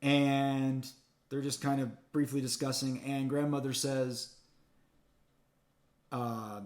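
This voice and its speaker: A man reviewing a movie in a casual spoken recap, retelling the plot in an excited, chatty way with quick restarts. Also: mid-range voice.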